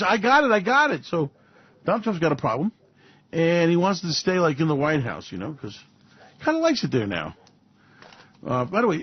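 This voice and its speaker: A man delivers a sarcastic commentary monologue, his somewhat high voice swinging up and down with lively emphasis. He rambles, mocks and chuckles as he goes. The sound is dry and dull, like a lo-fi home recording. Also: slightly rough, dry recording. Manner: mocking, rambling, chuckles often. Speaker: show host.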